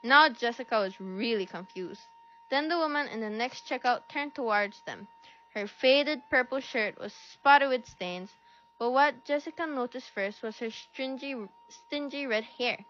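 Woman reading a storybook, bright tone, somewhat high voice, dull lo-fi sound, faint music behind. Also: measured pace. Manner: lively reading with small voice shifts for characters. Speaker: storybook reader. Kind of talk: children's story read aloud.

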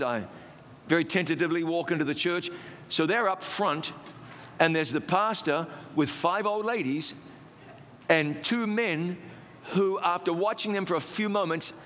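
A man preaching, telling his own testimony as a lively, self-mocking story. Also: a little high, measured pace, big-room sound, slight background noise.

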